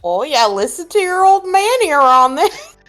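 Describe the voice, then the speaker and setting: A woman's voice: high-pitched, very animated, unhurried, fairly bright tone, faint music behind, voice pushed up, exaggerated voice. A woman voicing a cheerful Midwestern dad with a Minnesota accent, talking in a chirpy, folksy drawl.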